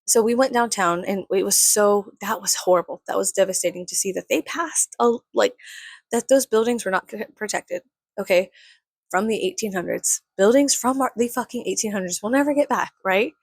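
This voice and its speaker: A woman's voice: mid-range voice, fairly quick, husky, no room sound. A woman, ranting in a heated, sweary, rambling way. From San Antonio, Texas. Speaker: vlogger. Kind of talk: profane casual rant.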